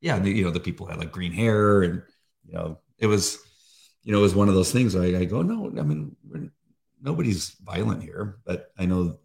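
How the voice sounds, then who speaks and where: A middle-aged man co-hosting a faith devotional, talking in a halting, emotional way with many fillers. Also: low-pitched, creaky, a little mellow. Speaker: devotional co-host. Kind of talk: casual faith chat.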